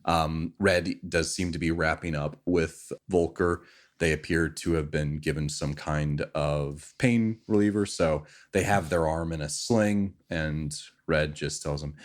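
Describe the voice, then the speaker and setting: A man narrating as game master of a tabletop role-playing game, easygoing and quick to laugh. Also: a bass voice, steady tone.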